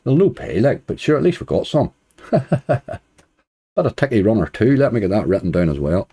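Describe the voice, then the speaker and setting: A man's voice: fairly low pitch, big pitch swings, quick pace, mellow, husky. A man hosting a casual live stream, chatting and greeting viewers one by one with easy chuckles. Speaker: slots streamer greeting chat.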